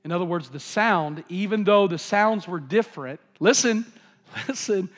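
A man's voice: high voice, normal speed, long reverb tail. A man preaching a sermon in an impassioned, repetitive cadence. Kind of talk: Pentecostal-style sermon.

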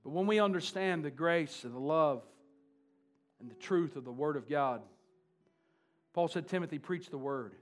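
Pastor, male, slightly high voice, emphatic repeating sermon style. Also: moderate pace, long pauses, faint music behind. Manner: emphatic, repeats key words for stress.

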